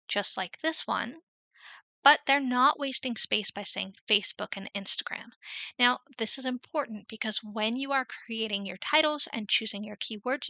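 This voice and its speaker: A woman's voice: a little high, vocal fry, bright, forceful tone, no room sound. A woman, talking through a screen-share lesson in a chatty, explanatory way. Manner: chatty, explanatory, drawn-out emphasis. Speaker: Etsy selling coach.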